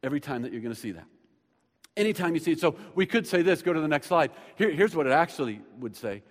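High-voiced man preaching in a reverberant hall. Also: fast talker. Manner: animated, repeats words when excited, jokes aside. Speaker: pastor. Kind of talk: sermon. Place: church sanctuary with screens.

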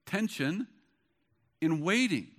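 A man's voice: sits high, very animated, slow pace. A middle-aged man preaching a sermon as pastor, with an emphatic, repetitive cadence.

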